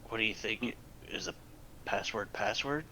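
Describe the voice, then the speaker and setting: A man's voice: lowish voice, normal speed, bright, forceful tone, slight background noise. A man playing a tabletop game, chatting casually with rambling asides. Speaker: player.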